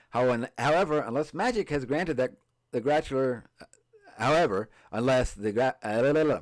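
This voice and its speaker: A man hosting a tabletop game podcast, chatting casually and reading game rules aloud, halting often, restarting phrases and filling pauses. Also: medium pitch. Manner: halting, many fillers and restarts, stumbles over words. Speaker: podcast host. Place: streamed podcast setup.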